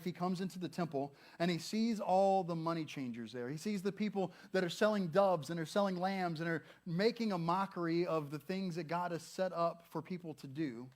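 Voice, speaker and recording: A man in his thirties delivers a sermon in a chatty, playful way. His voice sits a bit high for a man. He slips into little acted-out voices for people's thoughts. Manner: conversational and humorous, acts out quoted thoughts. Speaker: pastor.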